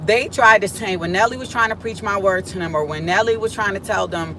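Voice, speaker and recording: Excitable woman vlogging live from a car. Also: mid-range voice, brisk. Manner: casual, excitable, chatty slang. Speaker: prophetic content creator. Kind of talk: live prophetic vlog chat. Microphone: phone on a stand. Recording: car road noise behind.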